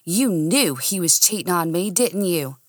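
A woman reading the part of a drunk, heartbroken young Southern woman who lashes out in a shrill voice. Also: animated, measured pace, dry recording, studio quality. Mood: upset. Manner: shrill, lashing out.

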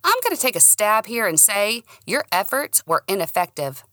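A woman's voice: medium pitch, very animated, moderate pace, pushed and bright, no echo, clean studio sound, pitched above the performer's own voice. A woman voicing a playful, teasing young male friend in an audiobook.

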